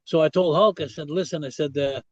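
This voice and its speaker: A man's voice: fairly high pitch, a little fast, no room sound. Older Québécois man telling a story. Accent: Québécois French. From Quebec, Canada. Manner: animated storyteller, many restarts and "I said". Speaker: guest. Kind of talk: storytelling interview. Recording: dull, lo-fi dry sound.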